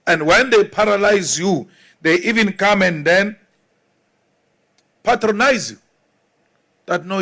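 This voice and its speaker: A political leader giving an emphatic, deliberate speech with mocking asides. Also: male voice, on the high side, fairly bright tone. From South Africa.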